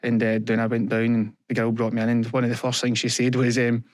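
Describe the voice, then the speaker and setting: A young man with a Scottish accent, a guest in an interview, telling his story in an earnest, halting way and quoting what people said to him. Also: mid-range voice, monotone, dry recording, clean studio sound. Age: young adult. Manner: earnest, halting, retells events with quoted dialogue. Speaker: podcast guest. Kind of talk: candid personal interview.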